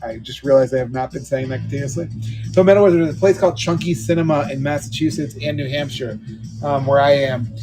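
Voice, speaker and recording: A man's voice: on the high side, a little mellow, rough recording. A middle-aged man selling comics on a livestream, chatting casually and telling rambling family stories with lots of fillers. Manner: rambling storytelling with many fillers.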